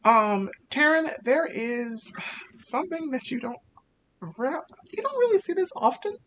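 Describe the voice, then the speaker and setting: A man narrating a tabletop game as game master, casual and halting with many fillers. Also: extremely high pitch, animated, fairly bright tone, slight background noise.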